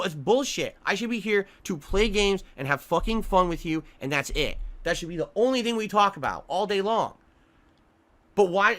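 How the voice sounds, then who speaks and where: A man streaming live, ranting angrily with heavy swearing and lots of repetition, going from loud outbursts to low muttering. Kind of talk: angry livestream rant.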